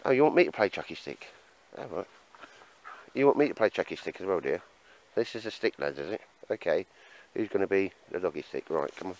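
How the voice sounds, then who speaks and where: Male bushcraft vlogger, low-pitched, casual and jokey, outdoors in the woods. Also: lively intonation, a little fast, a little mellow, low-quality recording. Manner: chatty, laughs often, calls everyone mate. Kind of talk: casual outdoor chat to camera. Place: outdoor woodland camp in rain.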